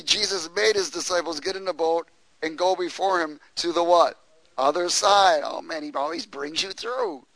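A man preaching a lively sermon, laughing often and tossing questions to the congregation. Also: high-pitched, vocal fry, no room sound, low-quality recording.

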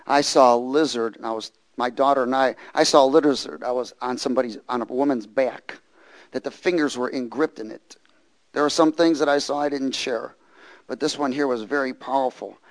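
A man preaching a sermon who moves from hushed storytelling to loud, fervent bursts and repeats phrases for emphasis. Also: medium pitch. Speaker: pastor.

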